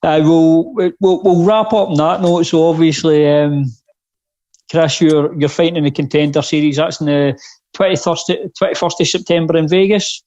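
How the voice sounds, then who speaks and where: Scottish male host, casual chat, slightly high voice. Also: fairly even intonation, moderate pace, darkish tone, dull audio. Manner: chatty, laughing along. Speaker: podcast host.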